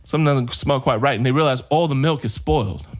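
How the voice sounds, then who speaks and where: Man telling a long comic shaggy-dog story. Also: medium pitch. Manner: casual storyteller, drawn-out build-up. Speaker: podcast co-host.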